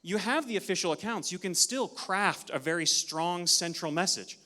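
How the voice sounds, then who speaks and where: A man giving an energetic, interactive talk at a conference, leading the audience through counts, a little out of breath. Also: high-pitched, normal speed. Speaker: conference speaker. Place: large conference hall. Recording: long hall reverb.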